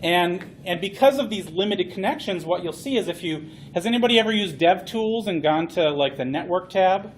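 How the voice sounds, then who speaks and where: A man gives a playful, animated conference talk. His voice sits high for a man, and he tells his points like a story. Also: a little hiss or hum. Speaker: conference speaker.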